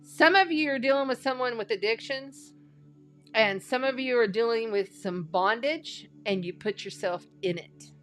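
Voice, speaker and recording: A woman's voice: fairly high pitch, moderate pace, faint music behind. A woman giving a casual spiritual tarot and astrology reading, chatty and folksy, repeating phrases for emphasis.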